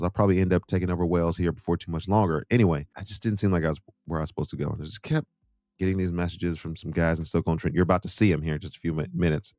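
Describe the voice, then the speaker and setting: American guy with a low voice rambling through a story, talks to his viewers, dry close sound. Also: darkish tone, no room sound. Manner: rambling, chatty, self-interrupting with asides to viewers. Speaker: Christian music artist and host. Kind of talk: casual storytelling monologue.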